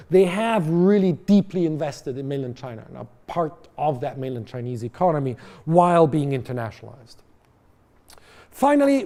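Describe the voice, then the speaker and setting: Speaking in a high-pitched, warm voice, this lecturer addresses his college audience in a lecture hall casually, stumbling through fillers and restarts and now and then asking the room questions.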